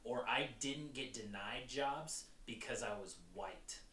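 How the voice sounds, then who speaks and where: A man co-hosting a podcast, working through his point aloud and often restarting his phrases. His voice is bright, and he sits back from the mic in a roomy space with faint noise behind him. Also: mid-range voice, slow pace, distant mic. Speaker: podcast co-host. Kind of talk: casual commentary.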